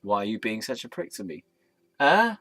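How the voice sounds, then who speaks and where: A man's voice: fairly low pitch, big pitch swings, moderate pace, sharp tone, exaggerated voice. A man voicing a Buddha statue who snaps back at him irritably and swears. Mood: irritated. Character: grumpy male Buddha statue, fed up.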